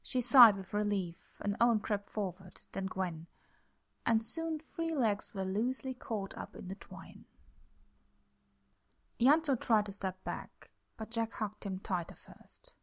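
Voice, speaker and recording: A woman reading a story aloud as narrator, in a calm, steady, soft-spoken way. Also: medium pitch, measured pace. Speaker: audiobook narrator.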